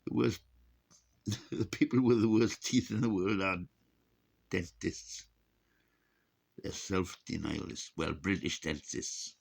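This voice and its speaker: A man's voice: low voice, fairly even intonation, slow pace, vocal fry, pauses often, slightly rough. A man in his sixties talks in a rambling, casual vlog monologue, chuckling and cursing, his speech slightly unclear from missing teeth. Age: 60s. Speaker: vlogger.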